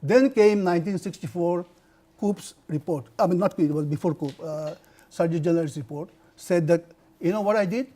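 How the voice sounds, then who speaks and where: An older man from India giving a university lecture on health, telling personal stories in an animated way, with many restarts. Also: high-pitched, moderate pace. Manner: animated storytelling with frequent laughs and restarts.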